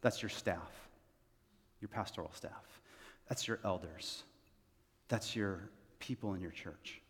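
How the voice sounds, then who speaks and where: A man's voice: low voice, takes it slowly, a bit bright, breathy edge. Man preaching in a reverberant church hall. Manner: earnest, repeats key phrases to the congregation. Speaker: senior pastor. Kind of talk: conversational sermon. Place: church sanctuary.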